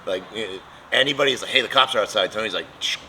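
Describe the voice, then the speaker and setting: A man with a very low voice tells a rowdy story about his shop, swearing freely and laughing as he goes. The recording has clear background noise from the shop around him. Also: quick pace, low-quality recording. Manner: profane, laughing, animated storyteller. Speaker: custom motorcycle shop owner. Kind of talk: casual storytelling chat. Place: motorcycle shop.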